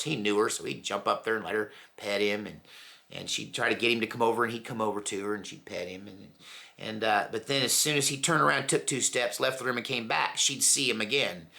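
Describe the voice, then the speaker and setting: On his own commentary channel, a middle-aged man with a gravelly, sharp voice on the low side spins loose, wandering stories. Along the way he imitates different voices and cracks himself up at his own jokes.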